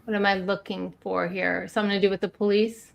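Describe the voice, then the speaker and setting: A woman's voice: medium pitch, flat delivery, a little fast, vocal fry, lo-fi sound. A woman hosting a casual livestream, chatting with guests, laughing often and reading documents aloud. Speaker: livestream host.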